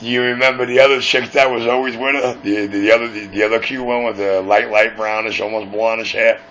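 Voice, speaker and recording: A man's voice: on the low side, steady tone, fairly quick. A man with a New York accent hosting late-night radio, rambling and conspiratorial in casual talk. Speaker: radio show host. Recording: dull lo-fi recording with faint hiss.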